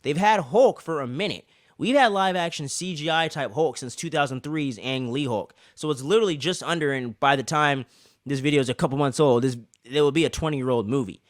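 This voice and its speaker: A man co-hosting a casual review show, rambling and swearing as an excited fan. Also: fairly high pitch, a little fast, no room sound, clean studio sound. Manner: rambling, profane, excitable fan talk with many fillers. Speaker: podcast co-host reviewing an episode.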